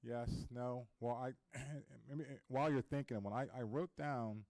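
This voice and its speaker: A man's voice: medium pitch, fairly even intonation, measured pace, gravelly, darkish tone, dry recording, low-quality recording. A man moderating a Q&A session, casual and a bit hesitant, stumbling over words. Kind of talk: hosting a Q&A.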